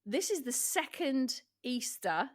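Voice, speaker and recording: Husky-voiced British woman, chatty podcast co-host. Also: high-pitched, very animated, takes it slowly. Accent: British English. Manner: chatty, swears casually, trails off and restarts. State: husky after illness. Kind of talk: casual chat.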